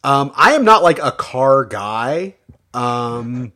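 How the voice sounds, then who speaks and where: A man's voice: medium pitch, sing-song, slow pace, bright, forceful tone. A man co-hosting a film podcast, chatting casually and playfully, rambling a little. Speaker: podcast co-host. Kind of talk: casual chat.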